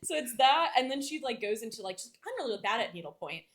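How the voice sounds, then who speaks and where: A woman's voice: fairly high pitch, very animated, fast talker, fairly bright tone. A young woman co-hosting a romance book club podcast, chatting casually with lots of fillers and acting out lines from the book. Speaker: podcast co-host.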